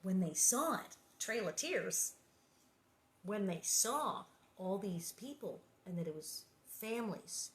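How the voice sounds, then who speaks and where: Wry, animated woman in her sixties reading aloud. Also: mid-range voice, slow pace. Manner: animated, wry, laughing asides. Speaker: reader and host. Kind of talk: storybook reading with chatty asides. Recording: roomy echo.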